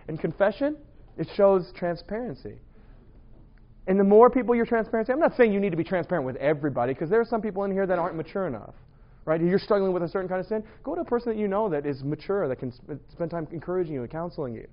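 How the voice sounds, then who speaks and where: Male preacher with a high voice, playful and animated, muffled dull sound. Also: fast. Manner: animated storytelling, playful, laughing asides. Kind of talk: humorous sermon.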